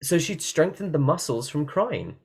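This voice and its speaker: A man's voice: mid-range voice, normal speed. Playful man teaching singing, demonstrating. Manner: playful, demonstrates with sung and yelled examples. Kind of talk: online workshop talk. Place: room at a computer by a window.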